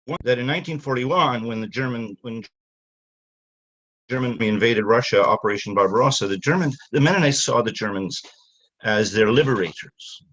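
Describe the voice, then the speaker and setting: An older man from Canada, an author speaking haltingly with many fillers, then reading from his novel. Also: mid-range voice, a bit bright, lo-fi sound.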